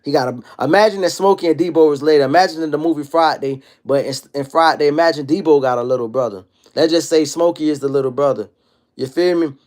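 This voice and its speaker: A man in his thirties holds forth on his livestream, slinging profanity and street slang as he spins his stories. His voice sits a bit high for a man. He tells it all with loose, animated energy. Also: fast talker. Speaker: livestream host. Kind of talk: casual livestream monologue.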